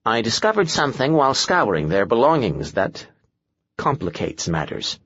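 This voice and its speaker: A man's voice: medium pitch, big pitch swings, normal speed, fairly bright tone, breathy edge, lo-fi sound. Man doing a fussy, gloomy pedant. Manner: precise, dryly gloomy. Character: fussy pedantic male scholar.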